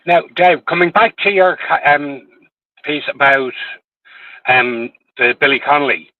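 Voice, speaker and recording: A man's voice: on the high side, measured pace, no echo. Man hosting over a tinny line. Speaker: host. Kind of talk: casual interview chat. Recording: tinny phone-like line, dry.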